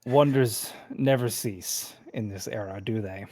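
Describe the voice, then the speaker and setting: A man voicing a gruff, swearing male dwarf fisherman who grumbles with dry sarcasm. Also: fairly low pitch, unhurried, warm tone, no echo. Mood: sardonic.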